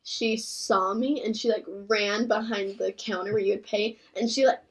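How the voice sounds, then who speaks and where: A young woman in her late teens, a guest in casual chat, bubbly and quick to laugh. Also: mid-range voice, steady tone, poor audio. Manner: bubbly, giggly, enthusiastic.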